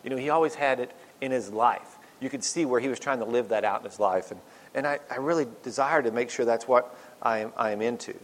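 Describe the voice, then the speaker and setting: A man's voice: mid-range voice, a little fast. A man giving an informal devotional talk, rambling and chatty with lots of asides and self-mocking humor. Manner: rambling, chatty, with many "you know" asides. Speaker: speaker giving a church devotional. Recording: long hall reverb.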